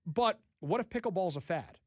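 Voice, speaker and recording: A man's voice: high voice, normal speed, dry recording, studio quality. A middle-aged man hosting a talk show, chatting casually and acting out the quotes in his stories. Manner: animated storyteller, acts out quotes. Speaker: radio talk show host. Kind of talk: casual chat.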